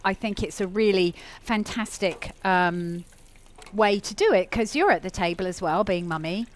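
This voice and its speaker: A middle-aged woman hosting a live cooking show, talking in a chatty, enthusiastic way. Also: medium pitch. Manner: chatty, enthusiastic, warm-hearted rambling. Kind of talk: live cooking demo chat.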